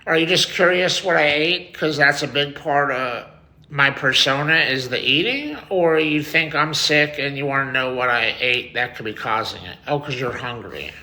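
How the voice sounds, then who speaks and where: Bright-voiced man chatting on a livestream. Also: medium pitch, moderate pace. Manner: chatty, quizzes viewers, swears freely. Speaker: livestream host. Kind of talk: casual livestream chat reading comments.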